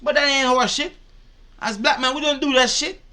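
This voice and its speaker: A man's voice: very high voice, steady tone, moderate pace, sharp tone. A man giving indignant, profane reaction commentary. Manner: indignant, profane, repetitive ranting. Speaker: reaction video host.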